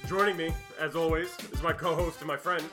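A man's voice: a little high, steady tone, music in the background. A young man hosting a casual podcast, joking and laughing with his co-host. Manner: joking, quick, laughs often.

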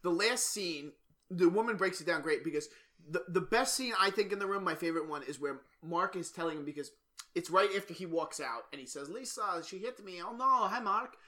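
A man co-hosting a podcast in casual chat, telling animated stories, swearing and acting out quotes. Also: fairly high pitch, fairly quick. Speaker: podcast co-host.

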